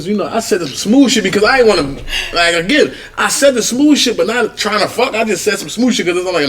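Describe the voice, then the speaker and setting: Philly-male podcast co-host, fairly high-pitched, animated storyteller who acts out quotes. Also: fast, hardly any pauses. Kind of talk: casual storytelling chat.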